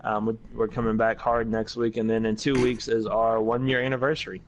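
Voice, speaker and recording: A man's voice: on the low side, level tone, brisk, a little hiss or hum, poor audio. A young man co-hosting a casual wrestling podcast, chatting with dry, teasing humor. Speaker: podcast co-host. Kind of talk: casual chat.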